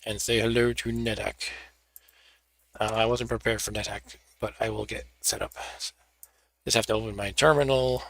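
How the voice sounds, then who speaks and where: A man's voice: on the low side, steady tone, moderate pace, gravelly, a bit bright, slight background noise. A man hosting a live gaming stream, chatting casually and narrating each step as he sets up and plays. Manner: chatty, narrates his own setup steps. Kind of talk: casual gameplay commentary.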